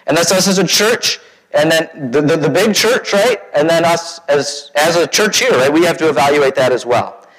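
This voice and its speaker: Long hall reverb surrounds this pastor's fairly high, slightly bright voice as he speaks at a moderate pace. His sermon is conversational, full of questions to the congregation and acted-out quoted voices.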